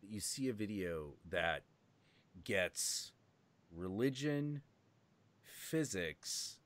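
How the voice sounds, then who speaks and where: A man's voice: lowish voice, extremely slow. A man hosting a livestream, chatting casually and swearing often. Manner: animated, swears often, bursts into shouted impressions. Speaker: stream host.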